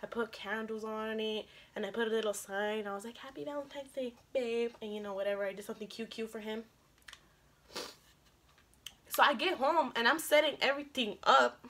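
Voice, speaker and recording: A young woman vlogger telling a story in casual chat, chatty and animated, acting out the lines she quotes. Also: a little high, brisk, slight background noise.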